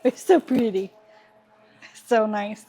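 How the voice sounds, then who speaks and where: A woman's voice: medium pitch, steady tone, takes it slowly, dark tone. A woman co-hosting a garage show, trading teasing banter with the host. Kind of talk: casual garage chat.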